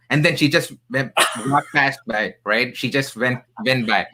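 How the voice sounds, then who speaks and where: Bright-voiced man telling stories, accented. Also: medium pitch, moderate pace, low-quality recording. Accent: non-native English accent. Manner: animated, emphatic storyteller with jokey asides. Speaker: podcast guest, career coach. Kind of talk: storytelling in a casual interview.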